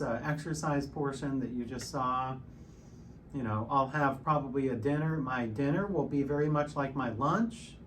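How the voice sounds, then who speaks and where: A man's voice: medium pitch, far from the mic, slight background noise. A man in his sixties giving a casual, plain talk while he works out, explaining with frequent fillers. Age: 60s. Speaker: fitness vlogger.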